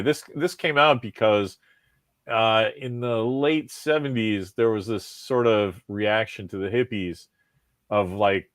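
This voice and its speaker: Low-voiced man rambling with profanity. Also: dry recording. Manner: rambling, profane, animated storytelling with many restarts. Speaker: podcast host. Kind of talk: casual chat.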